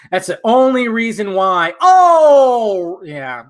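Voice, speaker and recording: A man's voice: high voice, very animated, very slow. A young man in a casual live stream who answers chat in a loose, profane way and laughs often, at home in front of a green screen.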